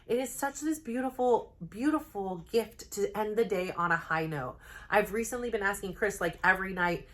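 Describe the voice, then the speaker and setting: A woman's voice: medium pitch, moderate pace, fairly bright tone. Earnest woman vlogging, chatty and heartfelt. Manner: earnest, heartfelt, full of "like" fillers. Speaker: self-help vlogger, mother. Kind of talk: rambling to-camera vlog monologue. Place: home, new plain backdrop.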